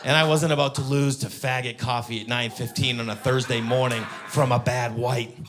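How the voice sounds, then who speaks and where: A man doing a stand-up comedy set on a live stage, animated and breaking into loud high-pitched punchlines. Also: moderate pace, over music.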